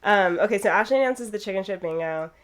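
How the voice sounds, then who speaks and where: A young woman with a Californian Valley Girl accent co-hosting a podcast, talking casually with vocal fry and drawn-out words. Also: medium pitch. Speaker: podcast co-host. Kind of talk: casual chat.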